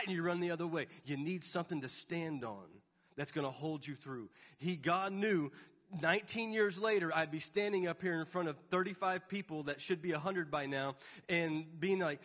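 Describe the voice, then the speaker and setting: Young pastor, earnest storyteller, slightly high voice, dull recording with long hall echo. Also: male voice, a little fast, fairly bright tone. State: tearful. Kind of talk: sermon.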